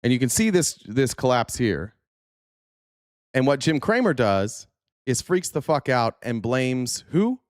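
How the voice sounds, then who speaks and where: A man's voice: mid-range voice, big pitch swings, unhurried, no echo, studio quality. A man hosting a political livestream, ranting heatedly with profanity and restarts while reacting to clips and chat. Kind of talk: casual livestream commentary.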